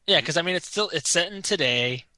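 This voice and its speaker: A man's voice: fairly high pitch, animated, pushed and bright, no room sound. A man co-hosting a casual chat about TV shows, talking in a jokey, rambling way. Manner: chatty, jokey, puts on quick silly voices.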